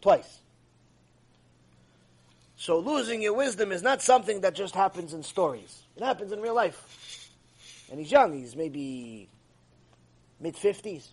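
A man giving an animated, emphatic ethics lecture as a Torah teacher. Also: sits high, a little slow, long pauses, husky.

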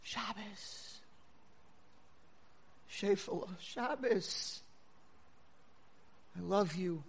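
A man's voice: medium pitch, steady tone, fast, in a large hall, voice pushed down, natural voice. A man whispering as a tender old grandmother. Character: elderly grandmother, tender and devout.

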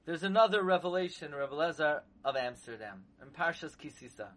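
A man teaching a sermon in a slow, emphatic way, sometimes chanting verses in a singsong and hitting words with sudden loud stresses. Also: fairly high pitch, expressive. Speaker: rabbi teaching Torah.

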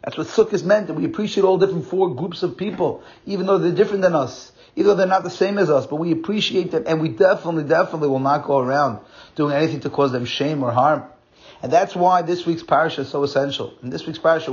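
Earnest husky-voiced rabbi. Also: male voice, on the high side, a little mellow. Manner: earnest, repetitive emphasis. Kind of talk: sermon with storytelling. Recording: dull lo-fi recording.

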